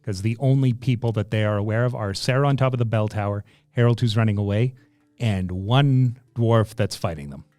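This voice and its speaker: Low mellow-voiced man running a game. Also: a little fast, no room sound, faint music behind. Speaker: game master. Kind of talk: narrating a tabletop game.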